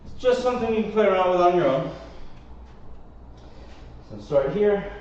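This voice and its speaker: Here a man's animated, fairly high voice comes through at a normal pace with a slight mellowness. He's instructing a live Pilates session in a warm studio, working out alongside the class, counting and encouraging, and he gets winded now and then. The mic is distant and a bit muffled, with plenty of echo.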